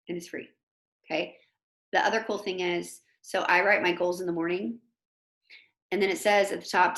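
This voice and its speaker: A woman's voice: on the low side, vocal fry. Woman teacher hosting a casual zoom talk, chatty, lots of likes and ums, roomy echo. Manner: chatty, animated, frequent fillers like "like" and "um". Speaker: host of an online motivation talk. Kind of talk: casual informal talk on a video call. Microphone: video call.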